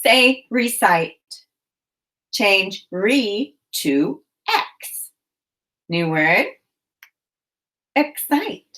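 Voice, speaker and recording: A woman teacher leading a children's phonics lesson, speaking in slow, clearly enunciated prompts with encouragement. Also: mid-range voice, big pitch swings, a bit bright.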